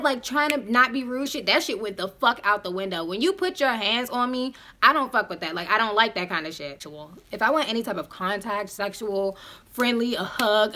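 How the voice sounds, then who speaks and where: A young woman in her twenties tells a storytime to her viewers in a casual, profane way. Her voice sits fairly high and sounds bright and forceful. She keeps the telling animated and talks straight to the audience. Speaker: vlogger.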